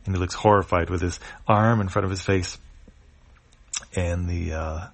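A man's voice: low voice, steady tone, moderate pace, creaky. A man casually reading a webcomic aloud, describing each panel with some fillers. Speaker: comic reader.

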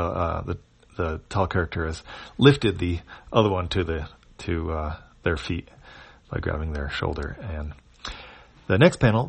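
Deep-voiced man, unhurried comic panel describer. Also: gravelly, no echo. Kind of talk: descriptive read-aloud.

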